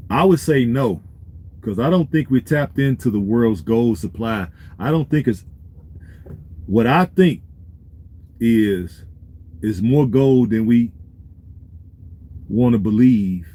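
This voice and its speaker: A man's voice: mid-range voice, mellow, slight background noise. A man vlogging in a laid-back, street-wise way, talking to his viewers and giving business advice. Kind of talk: casual talk to camera.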